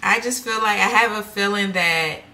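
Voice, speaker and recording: A woman's voice: medium pitch, moderate pace, sharp tone. A woman vlogging in a casual, chatty way, telling her story with amused exasperation. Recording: roomy, faintly noisy room.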